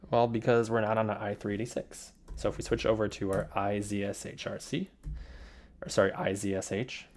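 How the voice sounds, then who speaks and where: A man's voice: on the low side, darkish tone. A young man walking through his computer setup in a casual, rambling screencast, with lots of fillers and repeated words. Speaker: software developer demonstrating his setup.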